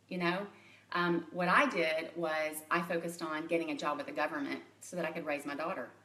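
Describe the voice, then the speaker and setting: A woman in her forties from Louisiana talks frankly in a live video, chatty and personal and quick to laugh at herself. Her voice sits on the low side. The sound is roomy and comes from some way off the mic. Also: a bit bright, far from the mic. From Louisiana, USA. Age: 40s. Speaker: makeup artist and direct sales consultant. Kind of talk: candid live video chat to a private group.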